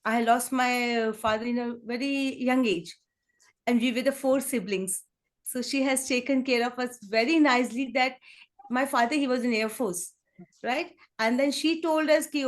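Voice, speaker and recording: A woman's voice: a little high, steady tone, normal speed. A woman with an Indian accent, a kindergarten teacher answering interview questions in an earnest, conversational way, mixing English and Hindi with many fillers. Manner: switches between English and Hindi, many fillers like "and all", "you can say"; earnest, emotional in places.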